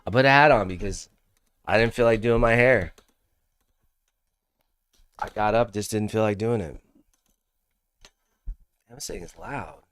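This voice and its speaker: Laid-back young man, low voice. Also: unhurried, pauses often, fairly bright tone, smooth. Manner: laid-back and slangy, laughs often, calls viewers dude and homie. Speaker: trading livestream host. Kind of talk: casual livestream chat.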